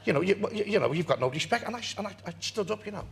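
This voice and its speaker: Animated older man telling a tale. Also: sits high, rapid-fire, vocal fry, slight background noise. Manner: animated, laughs through his own story. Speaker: interview guest. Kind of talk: anecdotal storytelling.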